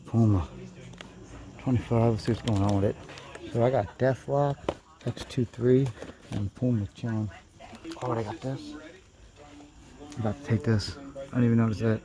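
A man who collects toys, giving casual running commentary with quick, blunt verdicts and casual swearing while shopping in a toy store. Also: medium pitch, steady tone, a crowd in the background. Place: busy toy store, indoors. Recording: crowded store noise behind.

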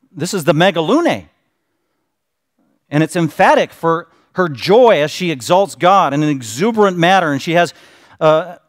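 A middle-aged man giving a sermon as pastor, moving between low, quiet teaching and loud, emphatic preaching. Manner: acts out a self-pitying listener in a strained high voice. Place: church sanctuary.

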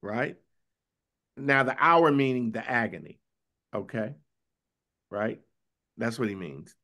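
A bishop leads a Bible study sermon in a conversational, questioning style, tagging "right?" onto his points and reading scripture in a slow, drawn-out way. His male voice sits at medium pitch and comes across expressive, pushed and bright.

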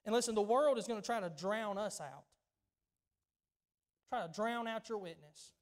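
A man with a Southern US accent delivers a sermon in a church, his voice sitting notably high for a man. He preaches in an emphatic yet conversational way, doubling back on words as he builds his point. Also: normal speed. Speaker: pastor.

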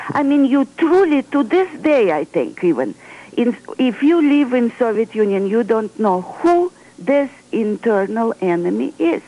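A woman's voice: fairly high pitch, darkish tone. Russian accent lady author on a phone line to a radio show, earnest, emphatic, hunts for english words. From Moscow, Russia. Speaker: author guest. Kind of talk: radio interview. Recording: radio broadcast over telephone line.

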